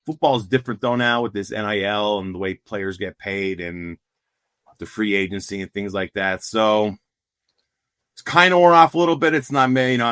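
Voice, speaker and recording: A middle-aged man from Pennsylvania tells stories in a low, bright voice. He rambles with fillers and restarts on a dry recording. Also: no echo. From Pennsylvania coal region. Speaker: former player, guest. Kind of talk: casual storytelling.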